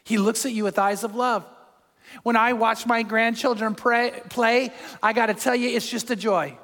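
Older male preacher, fairly high-pitched, chatty animated sermon, long echo of a church hall. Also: normal speed. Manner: conversational and animated, chuckling as he preaches. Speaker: pastor.

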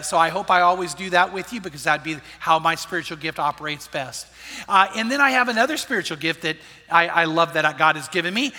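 A man's voice: high-pitched, bright, forceful tone. Man, pastor, sermon, conversational with restarts, large sanctuary with long reverb. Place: large church auditorium.

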